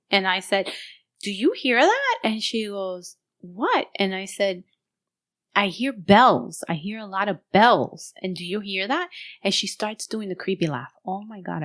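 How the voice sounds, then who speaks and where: Woman, podcast co-host, casual chat, animated storytelling, mixes in Spanish. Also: mid-range voice, unhurried. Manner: animated, code-switching into Spanish, laughing while telling a story.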